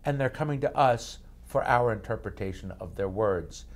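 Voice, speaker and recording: Halting man in an interview. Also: lowish voice. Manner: halting, repeats and restarts words. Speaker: actor interviewed as a guest. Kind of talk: casual interview talk.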